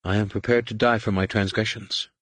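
A man's voice: lowish voice, steady tone, fairly quick, a bit bright, no room sound. A man reading an audiobook and voicing a humble, frightened female alien scientist, deferential and pleading. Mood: fearful pleading.

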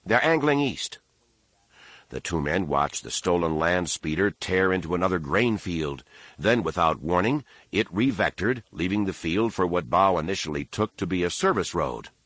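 A man narrating an audiobook in a steady, measured storytelling manner. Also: deep voice, dry recording. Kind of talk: scripted narration.

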